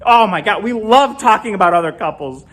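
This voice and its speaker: A middle-aged man from Illinois doing an animated stand-up comedy set alone in an empty comedy club, with punchy delivery and big jumps in pitch. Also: brisk.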